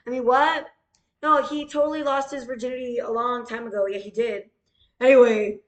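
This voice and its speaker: A woman doing a rambling comic improv monologue, silly and swearing, with deadpan asides and quick self-corrections. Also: fairly high pitch. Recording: roomy echo.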